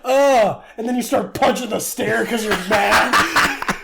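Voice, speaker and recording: A man's voice: very high voice, slow, creaky, very noisy. A man in his twenties on a podcast, telling a story in casual chat, swearing freely and acting out what people said. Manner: animated, swearing, acting out quotes. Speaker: podcast co-host.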